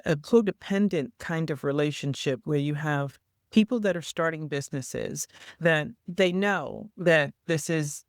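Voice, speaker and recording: A man with a fairly high voice hosts an interview, chatty and enthusiastic as he sets up each topic. He gets animated when paraphrasing others. The sound is dry and close. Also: clean tone, no echo. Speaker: host and entrepreneur coach. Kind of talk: interview hosting.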